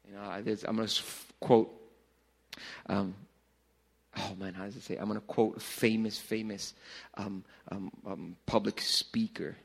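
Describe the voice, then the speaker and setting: A man preaching a sermon to a congregation in a church, animated and joking with the crowd as their pastor. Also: lowish voice, moderate pace, vocal fry. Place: church service before a congregation.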